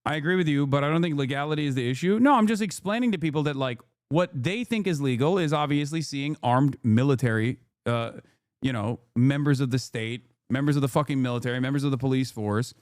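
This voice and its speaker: A man's voice: medium pitch, fast, clean tone, dry recording, clean studio sound. A man hosting a political commentary stream, talking heatedly and emphatically, swearing often and repeating his points. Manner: heated, profane, emphatic and repetitive. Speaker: streamer host.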